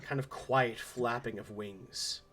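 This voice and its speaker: A man running a tabletop game as game master, narrating with slow suspense. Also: medium pitch, steady tone, very noisy.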